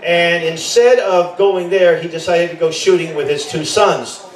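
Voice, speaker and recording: A man's voice: a little high, measured pace. A middle-aged man, a camp director, gives an informal rally speech. He rambles, corrects himself often and adds joking asides. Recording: echoey, voice from a distance.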